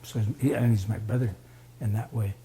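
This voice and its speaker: A man telling a story in a casual spoken way. He gets animated, acts out the voices of the people he quotes, and laughs often. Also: lowish voice, fairly quick, a little hiss or hum. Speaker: storyteller guest.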